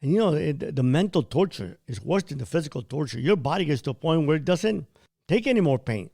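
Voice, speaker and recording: Retelling a personal story on his podcast, a man is blunt and vivid, quoting what people said and sometimes cursing. His gravelly, darkish voice runs on the high side with a sing-song lilt, and he moves fairly quickly.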